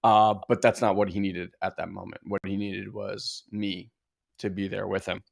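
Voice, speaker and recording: Low, gravelly-voiced man telling a story. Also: flat delivery, moderate pace. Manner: reflective, earnest, with many filler words. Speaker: podcast co-host and father. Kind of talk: casual conversational storytelling.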